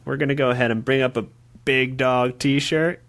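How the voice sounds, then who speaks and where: A man's voice: medium pitch, fairly even intonation, normal speed, fairly bright tone. A young man hosting a podcast, chatting casually with playful mock-sales bits and laughter. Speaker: podcast host. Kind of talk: casual comedic chat.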